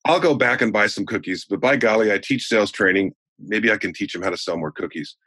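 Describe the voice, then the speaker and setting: A man's voice: lowish voice, fast, slightly rough, no echo. A man in his sixties, a sales trainer and guest, telling folksy anecdotes in a conversational way. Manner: folksy anecdotal teller, animated in stories. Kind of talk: conversational storytelling.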